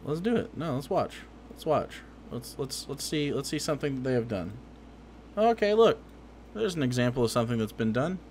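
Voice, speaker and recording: A man's voice: medium pitch, animated, normal speed, a little mellow, a little hiss or hum. A man streaming reaction commentary on political clips, sarcastic and profane, growing heated.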